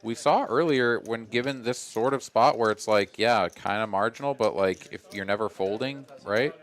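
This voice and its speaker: A man giving live poker commentary, relaxed and analytical with dry asides. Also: medium pitch, normal speed.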